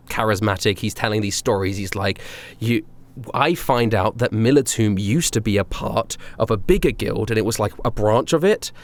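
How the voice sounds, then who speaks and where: A young man co-hosting a podcast, telling a story casually with frequent laughs and fillers. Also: on the low side. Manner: animated, laughs often, filler-heavy. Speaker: podcast co-host.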